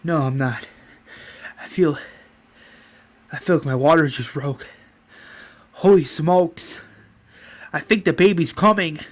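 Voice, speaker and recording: A man's voice: fairly high pitch, slow pace, long pauses. A man voicing a frightened, pregnant young woman in labor who swears in panic. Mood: panicked.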